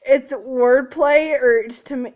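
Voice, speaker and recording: A woman's voice: high voice, takes it slowly, a little mellow, dull audio. A woman co-hosting a gaming channel in casual gameplay commentary, jokey and teasing, with sudden screams.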